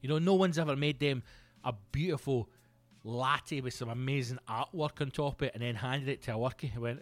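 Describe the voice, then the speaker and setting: A Scottish man in his thirties hosting a solo comedy podcast, telling rambling, sweary, animated stories. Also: mid-range voice, normal speed, no echo. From Scotland. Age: 30s.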